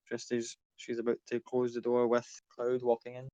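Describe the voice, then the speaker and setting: A man's voice: medium pitch, monotone, moderate pace, few pauses, warm tone, no room sound, lo-fi sound. A man narrating as game master, describing scenes casually.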